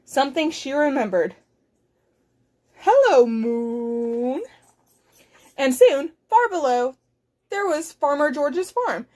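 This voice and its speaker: A woman, a children's librarian, reading a picture book aloud with expressive, clearly enunciated storytelling. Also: high-pitched, unhurried.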